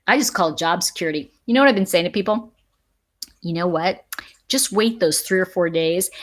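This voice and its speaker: A woman's voice: mid-range voice, a bit bright. A middle-aged woman talks to her viewers on a casual live stream. She speaks with emphasis and laughs often between her points. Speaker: livestream host.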